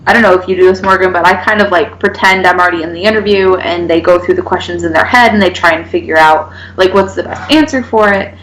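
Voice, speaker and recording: A woman's voice: on the low side, fast, hardly any pauses, a bit bright, echoey room, slight background noise, low-quality recording. A woman co-hosting a casual chat about a drama, reasoning aloud in a thoughtful, filler-heavy way. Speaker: co-host discussing a drama episode.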